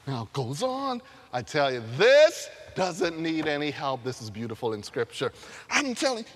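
Animated, lively-pitched male preacher. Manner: animated storytelling, laughs often, sound effects. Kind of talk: sermon. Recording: long hall reverb.

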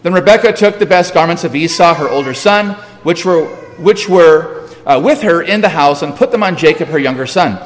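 A man reading scripture aloud in a measured way, with small restarts, heard with a long hall reverb. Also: a little high. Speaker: scripture reader.

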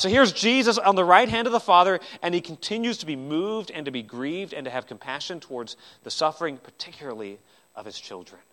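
Man, sermon, earnest preacher, bright tone, a bit high, sweeping loud and soft, repeats words on restarts. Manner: earnest preaching with sweeping rises and drops in loudness. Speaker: pastor.

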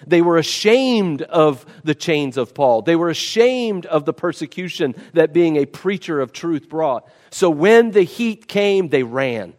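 A man's voice: a little high, darkish tone. A man preaching a sermon, emphatic and repeating key words for stress. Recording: long reverb of a large hall.

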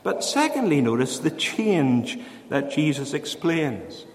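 A man preaching a sermon in an earnest way. He lifts his voice for emphasis and then drops to a hushed voice to tell a story. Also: a little high, big pitch swings, slow. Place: church. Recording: echoey church hall.

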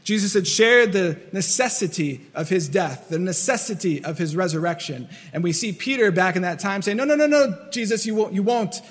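Male pastor, high-pitched, earnest sermon delivery with long hall reverb. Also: normal speed, few pauses, breathy edge. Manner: earnest, repetitive, acts out quoted voices.

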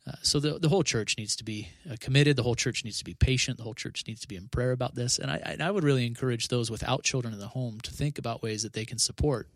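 A man's voice: mid-range voice, quick pace, hardly any pauses, no room sound, clean studio sound. A man who is a pastor, talking earnestly in a casual podcast conversation, often restarting and adding 'you know'.

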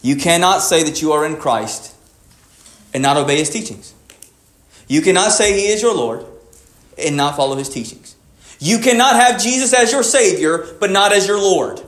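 A pastor preaches to his congregation in a high, clear voice. He drops low and slow for reflective questions, then lifts into emphatic repetition. The room around him rings with echo. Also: lively intonation, fairly bright tone. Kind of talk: sermon.

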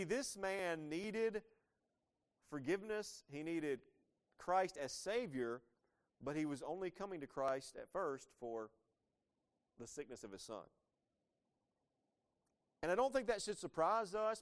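A man's voice: a little high, clear, resonant tone. Man preaching a conversational sermon. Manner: conversational preaching with rhetorical questions. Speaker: pastor.

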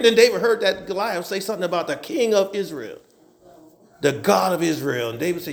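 A man with a very high, gravelly voice preaches in a roomy, echoing church. He retells scripture with folksy humor and loose, animated storytelling. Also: brisk. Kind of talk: sermon. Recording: roomy echo.

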